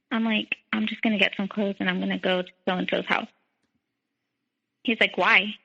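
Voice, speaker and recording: A woman's voice: mid-range voice, steady tone, normal speed, creaky, bright, forceful tone, husky, big-room sound. A young woman telling her own story as a podcast guest, quoting others in dialogue and saying "like" often. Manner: frequent "like", quotes others in dialogue. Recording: dull lo-fi sound.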